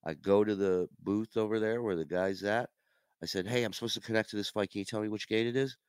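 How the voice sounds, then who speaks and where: A man's voice: fairly low pitch, quick pace, clear, resonant tone, dry recording. A man in his forties hosting a podcast, telling a comedic story with lots of profanity and acting out the people in it. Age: 40s. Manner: animated, profane, acts out quoted people. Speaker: podcast host.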